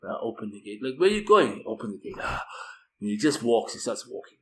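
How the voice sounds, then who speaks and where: Guy telling a story about his kid, swears a lot, gets loud and squeaky acting out himself. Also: fairly quick, rough recording. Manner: profane, slangy, animated, rises high when quoting himself. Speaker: video storyteller. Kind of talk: casual spoken storytelling.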